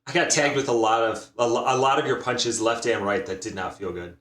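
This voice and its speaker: A man's voice: mid-range voice, a little fast, a bit bright, roomy sound. A man co-hosting a casual podcast chat, laughing often and adding dry short remarks. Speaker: podcast co-host.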